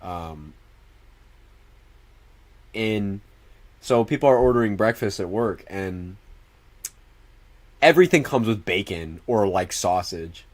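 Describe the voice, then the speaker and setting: A young man talking straight to his livestream chat. He rambles in an animated way, swears freely and stays loose and casual throughout. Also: on the low side, takes it slowly, long pauses.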